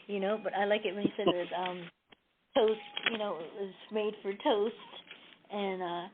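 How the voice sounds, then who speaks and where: A chatty woman hosts a radio show and tells stories with frequent laughs and casual swearing. Her voice comes through a thin, phone-like line. Her pitch sits in a middle range. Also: steady tone, brisk, slight background noise. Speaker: host. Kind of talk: casual chat on a live internet radio show.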